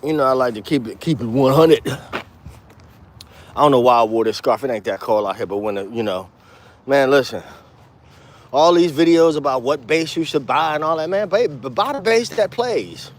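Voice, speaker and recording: A man teaching bass in a casual walk-and-talk outdoors, talking blunt street slang with cursing and counting beats out loud. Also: moderate pace, pauses often. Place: outdoors, walking.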